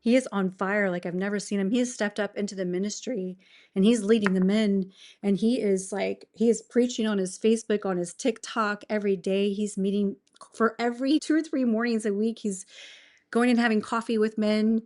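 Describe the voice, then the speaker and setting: A woman in her forties tells her faith story as a podcast guest. She talks earnestly and gets emotional, with sudden bursts of enthusiasm, and her voice sits at an ordinary middle pitch. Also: fairly even intonation, normal speed, darkish tone. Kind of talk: faith testimony in conversation.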